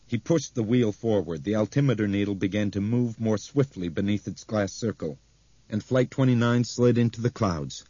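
Male narrator with a deep, husky, dark voice and a steady reading, on a dry, dull recording. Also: moderate pace, no room sound. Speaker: audiobook narrator. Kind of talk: scripted narration. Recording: dry, dull close-mic audio.

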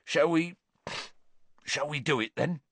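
A man voicing a huge, soft-hearted gamekeeper who speaks in rough rustic dialect, choked with grief and tears. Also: on the high side, big pitch swings, normal speed, no echo, voice pushed up, exaggerated voice.

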